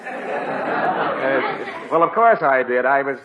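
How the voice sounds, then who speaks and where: A man playing an excitable family father who blusters and stammers. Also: medium pitch, slow, muffled recording, a crowd in the background, noisy background. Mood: sheepish.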